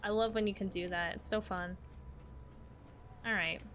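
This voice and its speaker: Bright-voiced woman streamer chatting while gaming. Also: medium pitch, fairly even intonation, normal speed, a little hiss or hum. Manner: chatty, exclaims and uses minced oaths. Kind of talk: casual gameplay commentary.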